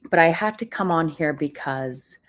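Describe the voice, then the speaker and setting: A woman's voice: low voice, animated, moderate pace. A woman hosting a livestream in casual commentary, chatting directly to her viewers as friends. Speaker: host of a livestream channel. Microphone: computer mic on a live stream.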